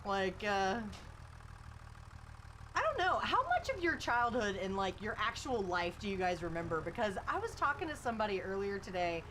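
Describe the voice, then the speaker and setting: A woman's voice: medium pitch, big pitch swings, normal speed, a bit bright, slight background noise. A woman live-streaming casual chat from a farm while driving a tractor, chatty and laughing often as she answers her viewers.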